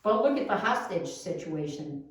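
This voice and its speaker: A woman leading a non-religious service, giving slow, soothing guidance with emphatic repetition. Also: lowish voice, animated. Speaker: service leader. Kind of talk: sermon on mindful walking. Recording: echoey room, distant mic.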